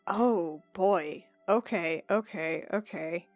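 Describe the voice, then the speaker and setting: A woman player chatting casually during a tabletop game, animated and rambling. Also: lowish voice, drawn-out words, no room sound, faint music behind.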